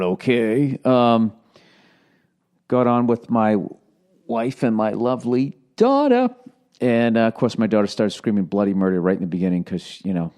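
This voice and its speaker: He's a podcast host in his forties with a mid-range voice and a darkish tone, talking solo in a casual way. Expect a Boston accent, meandering sarcastic tales, and plenty of cursing.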